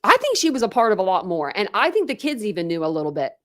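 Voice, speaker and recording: A woman's voice: medium pitch, big pitch swings, fast, a bit bright, no room sound. A young adult woman from the United States hosting a casual true crime live stream, chatting and answering viewer comments. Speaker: true crime channel host.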